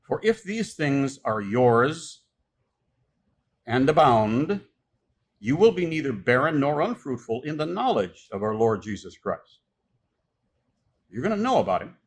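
A man's voice: mid-range voice, sing-song, unhurried, long pauses, slightly rough. A man preaching a sermon, reading scripture aloud and explaining it with emphatic, insistent delivery. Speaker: pastor.

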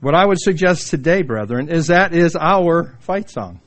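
A man's voice: a little high, animated, normal speed. A middle-aged male pastor preaching a sermon in a church, telling humorous stories and jumping into the voices of the people in them. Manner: storytelling, acts out quoted voices.

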